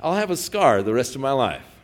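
Male pastor preaching, folksy anecdotes, soars high then sinks to a hush. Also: big pitch swings, fairly quick. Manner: swings from loud preaching to hushed pleading; folksy storytelling with restarts. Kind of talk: sermon.

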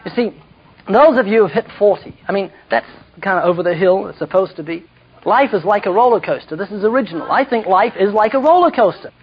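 A man's voice: sits high, lively intonation, a little fast, breathy edge. A man preaching a humorous sermon with storytelling, jokey asides and self-mocking slips, heard in a dull lo-fi recording.

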